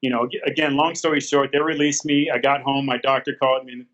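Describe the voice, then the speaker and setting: A man's voice: mid-range voice, little pitch movement, fast, a bit bright, highs cut off. A man in his fifties telling his story as an interview guest, earnest and rambling, with many fillers and restarts. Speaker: guest, former pro bodybuilder.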